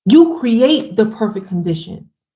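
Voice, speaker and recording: A woman's voice: a little high, sing-song, unhurried, mellow. Fired-up, slangy woman giving a pep talk. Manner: fired-up, emphatic, swears casually; slangy, chatty, speaks straight to women viewers. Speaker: motivational speaker. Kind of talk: casual livestream pep talk.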